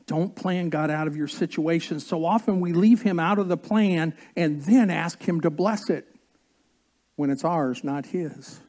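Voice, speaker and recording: A man preaching a sermon as pastor, slow and earnest, drawing out key words and coaxing the congregation to join in. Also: on the high side, a little mellow.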